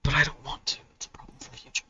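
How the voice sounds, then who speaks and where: A man's voice: rapid-fire, pushed and bright, dull audio. A man chatting casually on a live stream while he draws, self-mocking and often muttering or whispering to himself as he works. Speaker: artist and author streaming his drawing.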